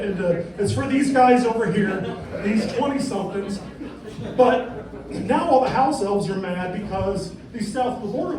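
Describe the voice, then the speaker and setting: A middle-aged man doing stand-up comedy in a comedy club, rambling and conversational, often checking in with "right?". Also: very high-pitched. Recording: echoey room, distant mic, noisy.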